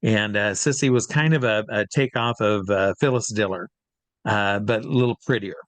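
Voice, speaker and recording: A man's voice: on the low side, normal speed, fairly bright tone, dry recording. Rambling man telling stories, dry sound. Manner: rambling, many fillers and restarts; acts out quoted voices. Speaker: guest performer. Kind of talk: casual interview storytelling.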